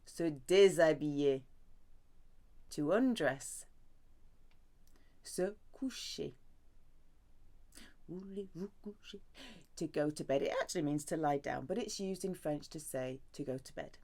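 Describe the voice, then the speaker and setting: A woman's voice: low-pitched, measured pace, pauses often, mellow. A woman teaching a language lesson in a playful, sing-song way, with jokes and cheerful exclamations. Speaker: French teacher.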